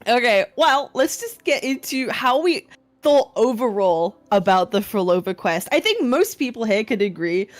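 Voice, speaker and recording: A woman's voice: a little high, lively intonation, moderate pace, no echo. A woman hosting a podcast, upbeat and giggly as she introduces guests and moderates. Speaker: podcast host.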